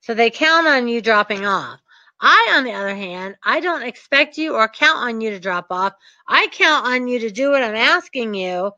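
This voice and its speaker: A woman with a bright, high voice gives a motivational coaching talk to her students. She speaks earnestly and hammers home her points by repeating them. The sound is dry and a little dull. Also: animated, normal speed, no echo. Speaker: real estate investing coach.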